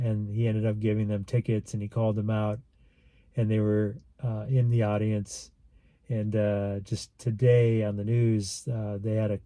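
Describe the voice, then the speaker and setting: A man with a lowish, deeply mellow voice tells a personal story in a casual, rambling way. He is earnest and acts out the lines of the people in it. The sound is dry and close. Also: no echo. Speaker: vlogger.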